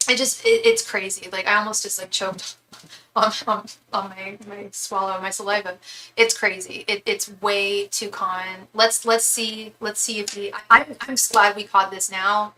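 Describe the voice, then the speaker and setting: A woman's voice: medium pitch, normal speed, sharp tone, slight background noise, poor audio. A young woman doing a live tarot reading, chatty and candid, swearing freely and restarting her sentences often. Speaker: tarot reader.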